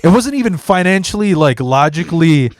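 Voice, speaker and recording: Profane, rambling podcast host from Chicago. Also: male voice, on the high side, expressive, a little fast, dry recording. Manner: profane, rambling, frequent restarts. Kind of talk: casual storytelling chat.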